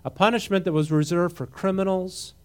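Animated man teaching scripture. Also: sits high, fairly quick, clear, resonant tone. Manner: animated, asks the audience questions, mixes reading with comment. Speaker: preacher teaching a Bible passage. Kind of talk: conversational sermon.

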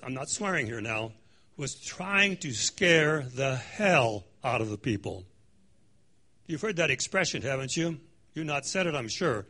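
Man, Bible study teacher, emphatic scripture reading, tense forceful tone, church room. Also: fairly high pitch. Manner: emphatic, dramatic scripture reading with joking asides.

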